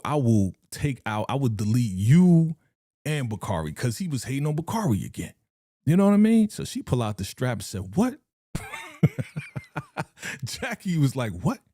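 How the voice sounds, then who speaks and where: A man's voice: medium pitch, mellow, dry recording, clean studio sound. A man streaming live as he reacts to a TV episode, talking casually with lots of slang, laughing and acting out the characters' lines.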